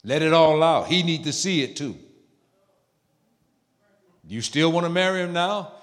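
A preacher man delivers a sermon with a somewhat high voice, leaning into emphatic swings between hushed murmurs and loud, high bursts. His words ring out with a long hall reverb around them. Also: animated, a little slow.

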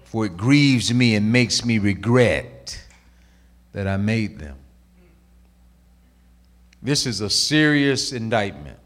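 Animated, bright-voiced male preacher. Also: medium pitch. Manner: swings from shouting to hushed, quoting voices. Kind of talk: sermon.

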